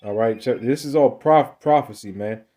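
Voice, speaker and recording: A man's voice: medium pitch, moderate pace, warm tone. A man preaching in a loose, conversational way, emphatic and repetitive, often ending phrases with "man". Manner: loose, conversational slang and restarts. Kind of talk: casual Bible teaching.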